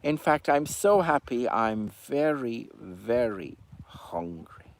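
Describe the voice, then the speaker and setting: A man's voice: medium pitch, big pitch swings, measured pace. A man voicing a big, greedy, sly cuckoo chick who whines sweetly in a puppet story. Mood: whining. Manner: whiny, sly.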